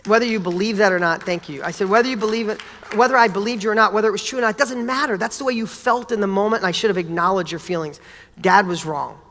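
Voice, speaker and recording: Animated man telling stories in a reverberant hall. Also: sits high, fast. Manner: animated, casual, blunt, with mild swearing. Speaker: motivational speaker. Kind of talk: motivational talk with personal stories.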